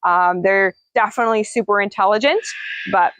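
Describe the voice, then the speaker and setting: A woman's voice: fairly high pitch, lively intonation, moderate pace, fairly bright tone, no room sound, dull audio. A woman hosting a casual livestream as a parrot trainer, chatting with viewers and cooing to her birds in a singsong voice. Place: outdoors.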